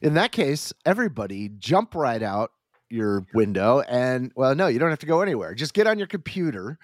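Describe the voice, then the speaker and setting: A man's voice: medium pitch, very animated, normal speed, no room sound, clean studio sound. A man hosting a casual podcast chat, sounding stuffy and nasal from covid, rambling and correcting himself as he goes. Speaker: podcast host.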